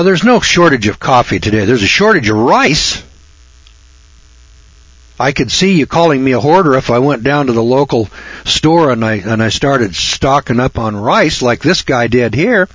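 Husky guy, folksy sarcastic radio rant, dull lo-fi sound, dry. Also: medium pitch, a bit bright, no room sound. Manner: sarcastic, folksy, repeats and restarts. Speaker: radio talk host. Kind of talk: rambling monologue rant.

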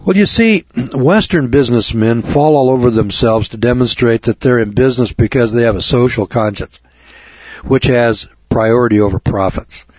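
Husky ranting talk radio host. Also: male voice, mid-range voice, moderate pace, a little mellow, no room sound. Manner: ranting, rhetorical questions to listeners; sarcastic, addresses audience as kids. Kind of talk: radio monologue. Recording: dull lo-fi radio broadcast.

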